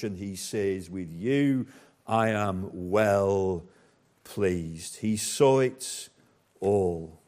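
Slow, emphatic preacher. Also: male voice, medium pitch, mellow. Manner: slow, emphatic preaching with dramatic pauses and repetition. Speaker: pastor. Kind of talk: sermon.

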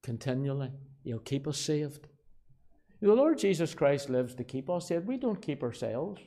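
A man with a Belfast accent preaching a sermon, shifting from quiet asides to loud, emphatic declarations and repeating key phrases. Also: a little high, sing-song, a little slow. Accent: Northern Irish, Belfast. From Northern Ireland. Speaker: pastor.

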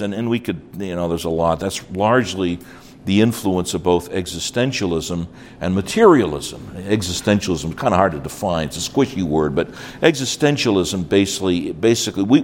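Animated older preacher from New York. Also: male voice, low-pitched, moderate pace, a little hiss or hum. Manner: animated, acts out dialogue, frequent asides. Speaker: conference speaker. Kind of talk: conference sermon.

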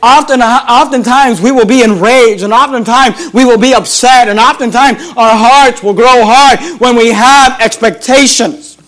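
A man's voice: very high voice, a little slow, few pauses, a bit bright. A man preaching a sermon as pastor, emphatic, repeating his phrases and acting out the voices in the scripture.

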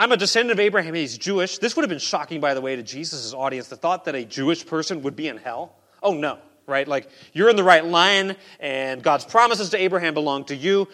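A man preaching a sermon in a conversational way, dropping to quiet asides and rising to loud emphasis. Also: medium pitch. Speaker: pastor.

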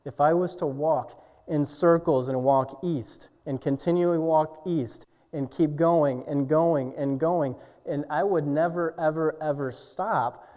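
A young adult man preaches a sermon as pastor, moving between hushed, quiet passages and booming exclamations. The hall sounds dull and echoey.

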